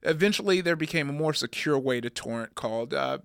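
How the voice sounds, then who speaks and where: A man's voice: medium pitch, animated, a little fast, vocal fry, a bit bright, smooth, no room sound, clean studio sound. A man in his thirties co-hosting a podcast, rambling and joking, laughing often. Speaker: podcast co-host. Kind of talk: casual chat.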